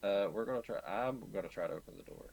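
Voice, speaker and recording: A man's voice: lowish voice, fast, creaky, darkish tone, poor audio. A man playing a tabletop game, talking loosely and hesitantly with casual swearing. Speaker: player.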